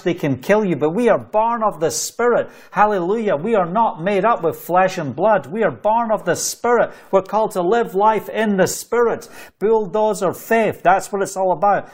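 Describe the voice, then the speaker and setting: A man's voice: sits high, darkish tone. A man preaching an online sermon, fervent and repetitive, reading scripture aloud between his own exhortations. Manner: fervent, repeats phrases, reads scripture aloud.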